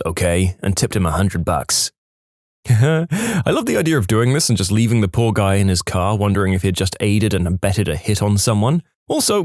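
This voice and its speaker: Male narrator, reading online stories, wry, low voice, lots of pitch movement, dry close sound. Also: a little mellow, dry recording. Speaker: story narrator.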